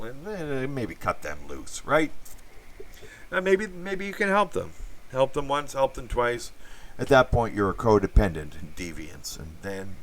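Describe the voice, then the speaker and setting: A man's voice: lowish voice, a little hiss or hum. A man giving a blunt, profane, meandering opinion monologue full of fillers. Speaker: channel host.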